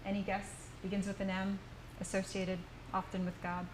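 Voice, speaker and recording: In an indoor workshop room, an American-accented woman teaches a small language class, patiently explaining sounds step by step. Her mid-range voice is monotone at a moderate pace, with background noise audible.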